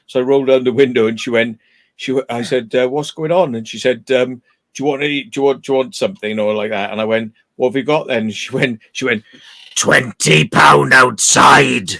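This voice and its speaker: A man's voice: mid-range voice, steady tone, quick pace. A man chatting casually on a live stream, telling stories and swearing often. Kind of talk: casual chat.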